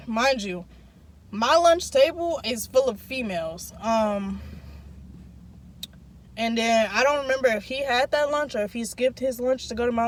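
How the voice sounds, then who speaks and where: Profane, emphatic young woman telling a story. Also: on the high side. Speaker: vlogger. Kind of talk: casual storytime.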